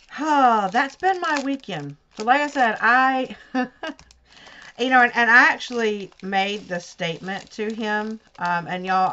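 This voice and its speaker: A woman's voice: mid-range voice, a bit bright. A woman chatting casually while she crafts, telling a story at a rambling pace and correcting herself along the way. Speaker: crafting vlogger. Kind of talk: casual chat while diamond painting. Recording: dull lo-fi home recording.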